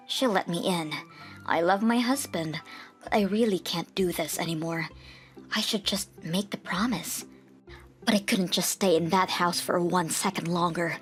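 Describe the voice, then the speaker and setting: A woman narrating a manga dub, telling the story earnestly and turning hushed at tense moments. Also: lowish voice.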